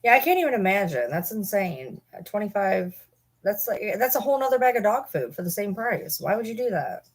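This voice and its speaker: A woman's voice: mid-range voice, very animated, fairly quick, slightly rough. Woman, livestream chat, rambling, swears casually. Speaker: livestream host.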